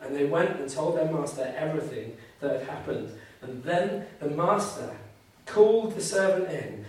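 A man preaching in an earnest, emphatic way, circling back to drive his main points home. His voice sits a touch high for a man. It booms around a big, echoey hall, picked up from a distance away from the mic. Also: expressive, normal speed, hardly any pauses, darkish tone. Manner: earnest, emphatic, repeats key phrases. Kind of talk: sermon.

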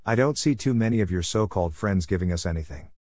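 A worn-down, bitter mother speaks in a storybook, accusing and weary, read by a man in his own lowish voice. The sound is dry and close. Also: lively intonation, quick pace, darkish tone, dry recording. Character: fed-up battered mother, adult woman.

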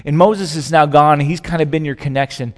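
Middle-aged male pastor, slightly high voice, animated conversational sermon, live church hall reverb. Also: a little fast. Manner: conversational, animated preaching with shifting volume. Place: large church sanctuary.

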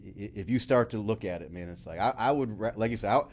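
A middle-aged man telling his story as a podcast guest, animated, laughing often and swearing casually. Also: on the low side, fast talker.

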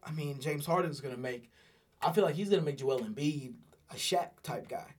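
A man's voice: on the high side, normal speed. Exasperated young man grumbling about basketball. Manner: whiny, exasperated, bursts into loud outcries. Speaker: podcast co-host, Lakers fan. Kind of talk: casual sports chat.

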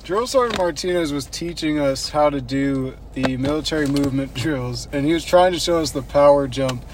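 A man casually sharing basic training memories in a lively, swearing, amused manner. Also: fairly high pitch, moderate pace. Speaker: former army recruit in conversation. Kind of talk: casual storytelling chat. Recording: background noise.

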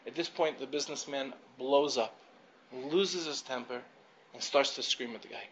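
A man's voice: mid-range voice, moderate pace, slightly rough. A man teaching a class of girls, telling a story in a conversational way, with frequent fillers and restarts. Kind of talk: storytelling lecture. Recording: dull lo-fi recording with faint background noise.

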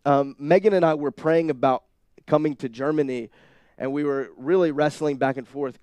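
Young male pastor, energetic sermon delivery, higher register, dry close sound. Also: moderate pace, smooth, dry recording. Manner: energetic, swings from hushed asides to loud emphatic bursts.

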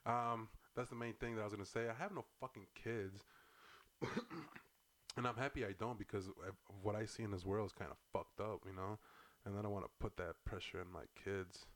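A man co-hosting a casual podcast, talking in a rambling, profane way with lots of slang. His voice sits a little low, and he breaks into loud bursts now and then. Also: fairly even intonation, fairly quick. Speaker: podcast co-host. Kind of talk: casual political chat.

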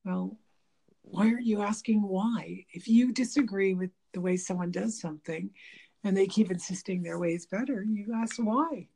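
A woman's voice: mid-range voice, moderate pace, gravelly, a little hiss or hum. A woman talking casually about relationships, rambling with many fillers and restarts, laughing and acting out bits of dialogue. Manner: animated, laughing, mimics dialogue.

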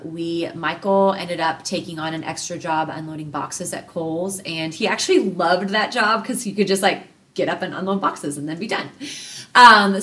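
A woman in her thirties telling a personal story as an interview guest, earnest and heartfelt, moving between hushed softness and lively bursts. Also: lowish voice, distant mic.

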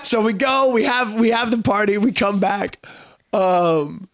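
A young man from New Orleans, a touring musician guesting on a podcast, telling rambling, animated stories in casual chat. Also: high voice, a little slow, no room sound.

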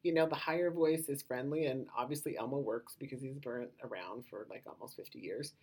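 A woman hosting a podcast with a low voice that gets mistaken for a man's, talking casually and rambling with lots of filler words. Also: fairly quick, a little mellow, slightly rough. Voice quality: low voice often taken for a man's on the phone. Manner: rambling, many "you know" fillers. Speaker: podcast host.

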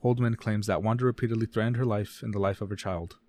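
A man co-hosting a casual true-crime podcast, reading case details fast and often stumbling and correcting himself. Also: fairly low pitch, fairly even intonation, darkish tone. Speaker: podcast co-host.

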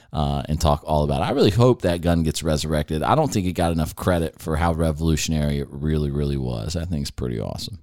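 A man's voice: very deep voice, no room sound, clean studio sound. A man hosting a casual talk show, telling stories with energy and acting out the people in them. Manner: animated storyteller who acts out other people's voices. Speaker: podcast host.

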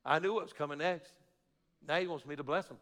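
A male pastor preaching a sermon with passion, moving from shouts to quiet, confiding prayers. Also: a little high, fast talker. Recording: echoey church hall.

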